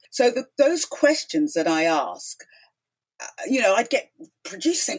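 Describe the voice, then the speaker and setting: Woman, middle-aged, talk show host as guest, emphatic, lively pitch. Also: moderate pace, slightly rough. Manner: animated, emphatic, acts out quotes. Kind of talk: storytelling interview chat.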